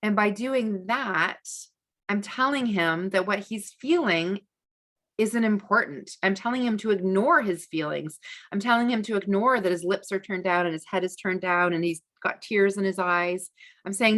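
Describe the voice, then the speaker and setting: A woman teaching a parenting masterclass in a relaxed, conversational way, with frequent fillers and restarts. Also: mid-range voice, normal speed. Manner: acts out gentle validating speech to a child. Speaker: parenting educator.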